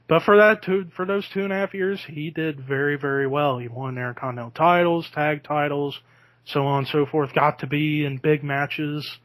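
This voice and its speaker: Chatty man, fairly high voice. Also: a bit bright, dry recording. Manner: chatty, breaks into laughter. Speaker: podcast host. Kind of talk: casual chat.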